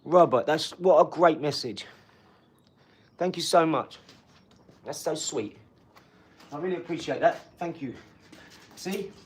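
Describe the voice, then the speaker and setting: A man hosting a casual live stream from his home garage, talking in an energetic, rambling, chatty way. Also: a little high, measured pace, pauses often. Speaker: livestream host.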